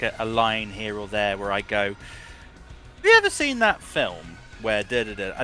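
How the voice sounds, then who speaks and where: Man, voice director, interview answers, bright forceful tone, rambling, restarts a lot. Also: fairly low pitch.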